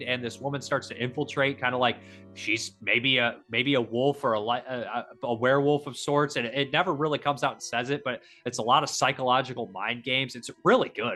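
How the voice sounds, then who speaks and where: Excitable man rambling about films, bright voice. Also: mid-range voice. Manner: enthusiastic, rambling, frequent restarts and fillers; swears casually. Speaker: podcast host. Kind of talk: casual film chat.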